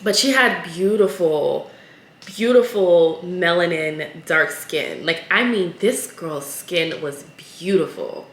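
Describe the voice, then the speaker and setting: A woman's voice: on the low side, animated, slow pace, echoey room. A woman hosting a podcast on her own, telling a story in an earnest, emotional, casual way. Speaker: podcast host. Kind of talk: casual solo podcast talk.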